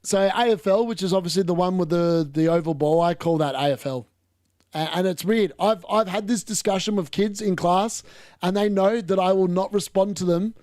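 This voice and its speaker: A man's voice: high-pitched, normal speed, a little mellow, dry recording, clean studio sound. A man hosting a football watch-along, chatting casually and bluntly over live play with mild swearing. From Australia. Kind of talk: casual live match commentary.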